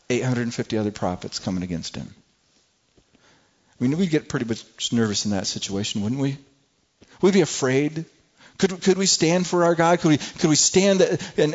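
A man's voice: fairly high pitch, dull audio. A man preaching a sermon, reading scripture aloud and asking the listeners rhetorical questions, often repeating and restarting words.

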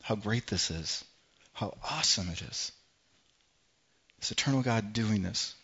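A man's voice: on the low side, expressive, unhurried, slightly rough, muffled recording. Impassioned male pastor preaching. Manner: impassioned, rising loud when reading scripture, then dropping soft. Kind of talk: sermon.

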